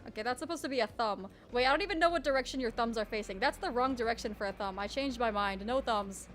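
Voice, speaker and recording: A woman's voice: on the high side, fast, a bit bright, slight background noise. A woman streamer chatting casually while she draws, self-mocking and full of trailing restarts. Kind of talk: casual live-stream chat while drawing.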